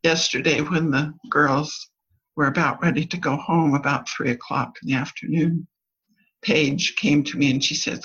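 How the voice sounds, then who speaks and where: Husky older woman telling church stories. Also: normal speed. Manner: lively storyteller, voices children's lines higher. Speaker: church speaker. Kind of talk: church talk with personal stories. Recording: dull lo-fi recording.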